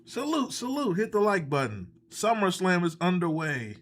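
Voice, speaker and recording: A man hosts a casual live stream, rambling from topic to topic in a sardonic tone and chuckling at his own jokes. His voice sits a bit high for a man. He talks straight into a desk mic. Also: huge pitch swings, moderate pace.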